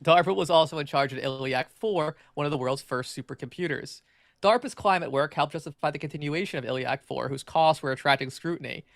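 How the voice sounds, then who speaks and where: Male podcast co-host reads an article aloud, brisk and gravelly, prone to restarts. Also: a little high, fairly bright tone, no echo, studio quality. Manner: fast, filler-heavy reading with frequent stumbles and restarts.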